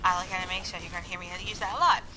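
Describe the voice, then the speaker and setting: In a low-ish, racing voice, a young woman vlogger chats casually to camera amid a noisy background. She rambles, leaning heavily on "like" and "you know," and sings little bits as she tells her stories.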